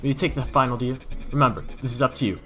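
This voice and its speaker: A man voicing a pushy, loud scammer salesman figure with huckster patter in a game playthrough. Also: mid-range voice, steady tone, very fast, soft background music, close to an everyday voice. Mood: slick.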